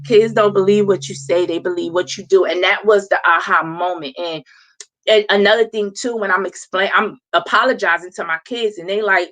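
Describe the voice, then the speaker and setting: Bright, animated woman telling a story. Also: medium pitch, moderate pace. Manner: animated, laughing, acts out quoted voices. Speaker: host. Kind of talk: casual storytelling monologue.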